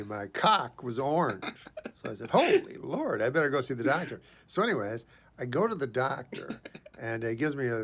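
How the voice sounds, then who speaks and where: Man w a gravelly voice, rambling deadpan story, lots of pauses n "uh"s. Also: mid-range voice. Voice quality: halting, drawn-out delivery with many pauses and fillers. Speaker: comedian recording a personal video message.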